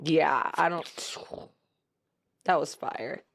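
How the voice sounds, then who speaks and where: A woman's voice: sits low, extremely slow, gravelly. A woman co-hosting an anime reaction video, chatting casually and exclaiming at what she watches. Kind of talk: casual chat.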